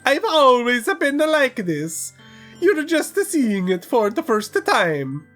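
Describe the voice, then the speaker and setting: A high, wobbly teenage schoolgirl who masks her sorrow behind cheer, as a woman reads her out. She talks slowly with swooping pitch, teary and half-laughing, over faint game music. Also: lively intonation. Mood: teasing. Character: cheerful teenage schoolgirl hiding deep sadness.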